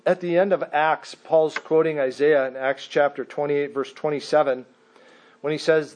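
A man preaching a sermon, reading scripture slowly and deliberately and acting out questions in a raised voice. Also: on the high side, steady tone, a little mellow. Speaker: pastor.

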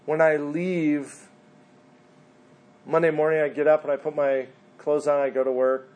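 A man's voice: fairly high pitch, a little mellow. A man preaching a sermon in an earnest way, sometimes mimicking whiny voices of the people he quotes. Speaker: pastor.

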